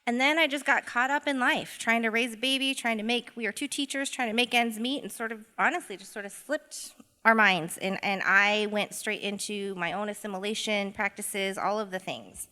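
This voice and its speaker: A woman's voice: mid-range voice, moderate pace, sharp tone, clean tone, long reverb tail. A woman educator and mother speaking in a reflective, storytelling way in a podcast interview. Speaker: guest, educator.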